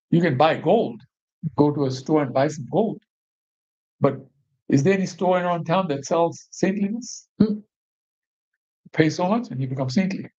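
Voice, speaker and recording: A man's voice: a little high, a little mellow, husky. A man leading a devotional group, reading verses aloud and explaining them line by line, often checking in with his listeners. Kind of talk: scripture reading with commentary. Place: bridal shop meeting space. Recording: dull lo-fi recording.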